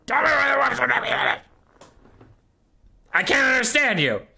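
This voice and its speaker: A man voicing a furious, short-tempered ratman warlord who screeches and shouts. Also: fairly high pitch, very animated, a little slow, vocal fry, background noise, voice pushed up, heavily acted.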